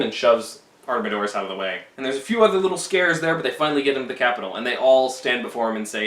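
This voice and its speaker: A man retells a play in a casual lecture style, with lively swings of pitch and playful voices for the characters' lines. His voice sounds roomy and echoey. He stands a little away from the microphone. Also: racing, hardly any pauses, distant mic. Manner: animated, slips into silly character voices for quoted lines. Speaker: literature teacher summarizing a play. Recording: echoey room, voice a bit off-mic.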